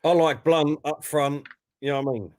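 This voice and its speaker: A man's voice: fairly high pitch, moderate pace, a little mellow, no echo. A man co-hosting a live stream, chatting casually and tagging his sentences with "you know what I mean". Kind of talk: casual chat.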